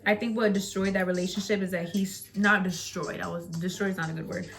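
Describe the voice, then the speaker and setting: A woman's voice: fairly low pitch, steady tone, fairly quick, vocal fry, a bit bright, soft background music. A young woman casually chatting to camera in a vlog, candid and rambling, swearing freely and often laughing. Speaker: vlogger. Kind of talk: casual storytime chat.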